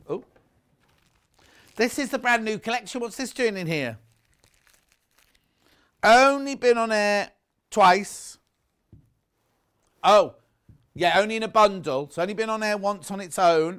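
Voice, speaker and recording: A man's voice: high voice, a bit bright. A man presenting fabrics on a live shopping channel, chatty and gushing, stopping often to correct himself. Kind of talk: live TV sales pitch.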